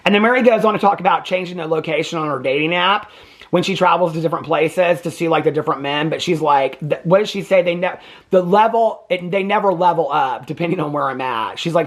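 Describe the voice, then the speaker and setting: A man's voice: fairly high pitch, fast talker. Male reaction vlogger, casual, rambling, sassy and profane. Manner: chatty, rambling, sassy, swears freely.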